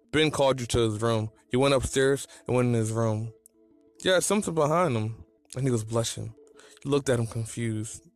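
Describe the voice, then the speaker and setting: A man casually reading a fan story aloud, with slips and rereads. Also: medium pitch. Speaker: story reader.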